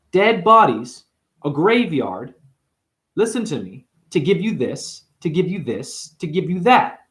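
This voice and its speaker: A man giving an intense, profane spiritual sermon to camera, firing rhetorical questions at the viewer. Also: on the high side. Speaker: spiritual teacher. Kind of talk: unscripted preaching monologue.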